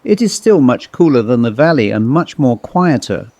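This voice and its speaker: A man voicing a jolly, upper-class elderly English gentleman with an English accent and hearty, old-fashioned manner. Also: medium pitch, big pitch swings, normal speed, no echo. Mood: jovial.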